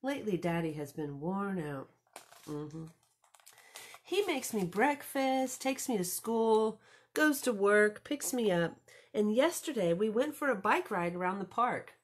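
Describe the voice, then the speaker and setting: A woman librarian reading a picture book aloud to children, expressive and storytelling, with chatty asides. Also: mid-range voice, measured pace.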